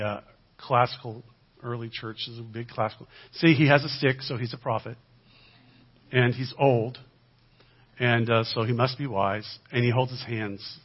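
A man's voice: medium pitch, breathy edge, lo-fi sound. A man giving a sermon as a guest speaker, preaching in a conversational way with dry humor and frequent asides to the congregation.

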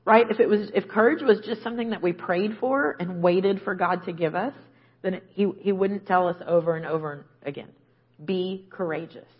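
Husky woman preaching a casual sermon. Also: mid-range voice, moderate pace, lo-fi sound. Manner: conversational, often adds "right?". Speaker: guest preacher.

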